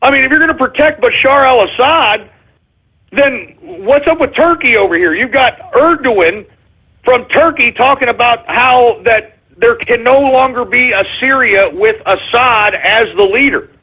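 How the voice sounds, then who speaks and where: This rant comes from a belligerent male talk radio host, full of swearing and sarcasm aimed at politics. His husky voice is high for a man and unhurried, carried over tinny, phone-like audio.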